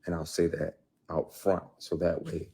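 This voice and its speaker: A man's voice: low voice, little pitch movement, measured pace, dark tone, husky. A man, an actor, giving emphatic and blunt testimony in an interview, swearing freely as he talks.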